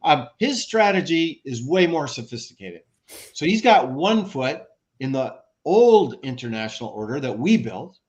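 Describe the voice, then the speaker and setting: Animated American man, talkative guest. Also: medium pitch, unhurried. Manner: animated, lists examples, frequent restarts. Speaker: guest, former ambassador and author. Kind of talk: conversational podcast interview.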